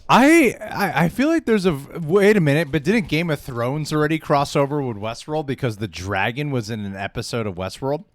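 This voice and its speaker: A man's voice: a little high, animated, normal speed, few pauses, dry recording. A man co-hosting a live stream, laid-back and teasing, laughing often. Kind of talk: casual live-stream chat.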